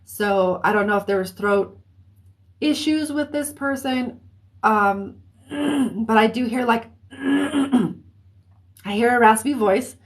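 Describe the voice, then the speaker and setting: Woman giving a halting live psychic reading. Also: on the high side. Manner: hesitant, thinking aloud with many restarts; keeps clearing her throat. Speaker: psychic reader. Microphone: phone or computer mic on a live stream.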